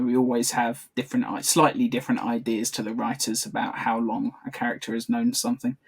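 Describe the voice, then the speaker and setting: This podcast co-host, a man with a medium-pitched, slightly breathy voice, talks casually over a video call. His commentary chat is chatty and full of laughter, and he frequently pauses to correct himself.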